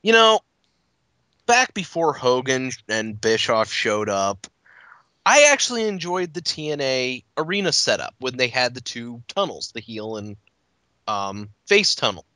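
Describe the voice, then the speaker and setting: A man's voice: mid-range voice, sing-song, unhurried, pushed and bright, dry recording. A man co-hosting a wrestling podcast, rambling casually with swearing and laughter. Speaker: podcast co-host. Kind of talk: casual chat.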